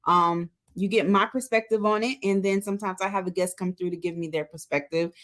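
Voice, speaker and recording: A woman's voice: fairly low pitch, a little fast. A woman guest on a podcast who is an author, casually plugging her social media, her book and her own show, with many fillers. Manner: relaxed, self-promoting, with frequent fillers.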